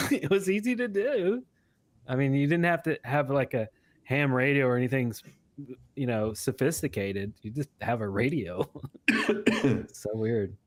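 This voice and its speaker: A man co-hosts a live stream in a loose, animated way. He laughs easily and reads viewer comments aloud as he goes. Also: mid-range voice, unhurried, long pauses, no room sound. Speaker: co-host of a live show. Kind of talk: casual live-stream chat.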